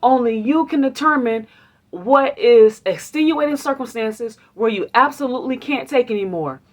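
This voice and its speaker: A woman's voice: on the high side, lively intonation, moderate pace. A woman hosting a motivational faith talk, speaking in a preachy, conversational way, asking her listeners questions and acting out the complaints and affirmations she quotes. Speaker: host.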